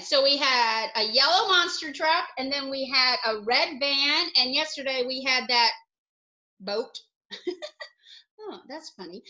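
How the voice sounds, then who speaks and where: A woman teacher giving a phonics lesson to young children. Her voice is high and very bright, and it swoops up and down a great deal. She plays to her pupils with sound effects and bursts of excitement. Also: muffled recording. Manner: playful, animated, sound effects.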